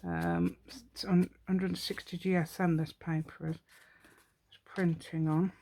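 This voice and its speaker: A woman's voice: lowish voice, level tone, takes it slowly, gravelly, mellow. A woman hosting a crafting tutorial, chatting as she works, rambling and laughing often. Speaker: craft channel host.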